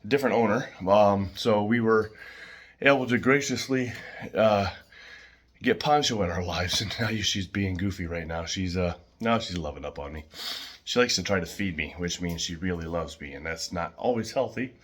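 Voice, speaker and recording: A man casually showing his pet birds at home, chatting in a rambling way with fillers and soft laughs. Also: deep voice, moderate pace.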